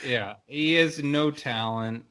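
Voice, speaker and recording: A man's voice: medium pitch, slow pace, a bit bright, clean tone. A man co-hosting a podcast in casual, blunt, profane chat that rambles along. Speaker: podcast co-host.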